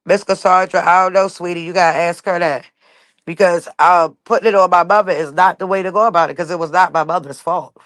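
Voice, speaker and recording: A woman's voice: fairly low pitch, steady tone, brisk, a bit bright, dry recording. A woman vlogger telling her own life story to viewers in casual talk, blunt, profane and emphatic.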